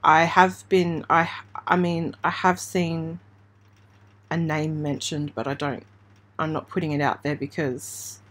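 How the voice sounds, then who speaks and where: A woman from Australia hosting a true crime channel, giving halting, emotional live commentary on breaking news while trying not to cry. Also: sits low. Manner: halting, emotional, hesitant with restarts. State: near tears.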